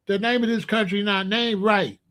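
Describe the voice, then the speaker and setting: High-pitched man ranting on camera. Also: moderate pace. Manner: animated, with emphatic repetition and loud outbursts. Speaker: commentary vlogger. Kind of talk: casual ranting commentary.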